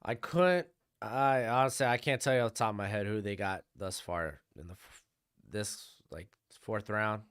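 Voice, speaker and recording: A man's voice: on the low side, moderate pace, fairly bright tone, clear, resonant tone. A young man hosting a live stream, casually commenting on draft picks and answering his chat. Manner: chatty, answers chat questions, offhand opinions.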